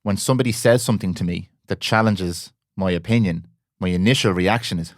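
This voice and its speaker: A man's voice: sits low, brisk, no room sound, studio quality. A man hosting a podcast conversation, speaking candidly and earnestly, with frequent restarts and casual swearing. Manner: candid, earnest, swears freely, repeats words when restarting. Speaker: podcast host.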